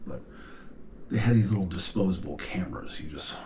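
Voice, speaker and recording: Low-voiced father speaking earnestly. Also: noisy background. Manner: earnest, halting, with long pauses and sighs. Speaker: father addressing his daughters. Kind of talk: heartfelt personal video message.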